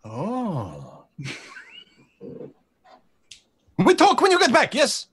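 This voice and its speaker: A man narrating a tabletop game as game master, halting and restarting as he describes the scene. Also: very high-pitched, wildly swooping pitch, fairly bright tone, breathy edge.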